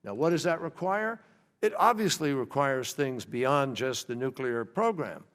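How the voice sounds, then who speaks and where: A man, a government official, giving formal testimony at a hearing, measured and pausing often to restart his thoughts. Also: mid-range voice, animated, a bit bright. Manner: measured, with frequent hesitations and restarts. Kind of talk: formal testimony answering questions. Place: large hearing room. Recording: long reverb from a large hall.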